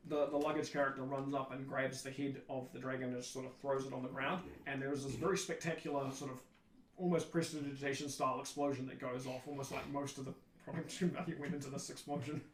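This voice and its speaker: Tabletop game master from New Zealand, animated storyteller, echoey recording. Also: medium pitch, fast, a little hiss or hum. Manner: animated storytelling, acts out little voices.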